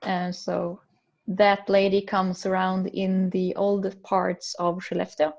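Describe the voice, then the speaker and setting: A woman's voice: completely flat delivery, slow, creaky, a little mellow. A Swedish woman with a Swedish accent, a film director, speaking hesitantly and searching for words as an interview guest. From Sweden. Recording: muffled low-fidelity audio.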